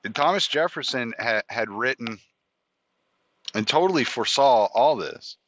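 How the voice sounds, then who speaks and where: Here the host speaks at normal speed in a mid-range, slightly bright voice with lively intonation. It's a casual storytelling monologue on his podcast: a rambling, profane personal tale, packed with restarts and quoted lines, captured in a dull, dry lo-fi recording.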